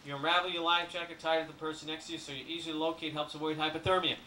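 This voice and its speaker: A man giving a comic cruise ship briefing to an audience, full of deadpan jokes and asides. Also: a little high, very fast, recorded from a distance, slight background noise. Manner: jokey deadpan patter with asides. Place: ship lounge. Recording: echoey room, camcorder from afar.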